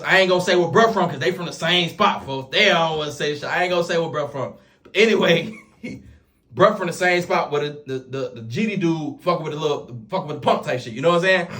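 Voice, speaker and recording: Man, slightly high voice, rapid slangy storytelling vlog. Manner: slangy, repeats oaths and fillers, animated retelling. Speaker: vlogger telling a prison story. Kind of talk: casual storytelling to camera.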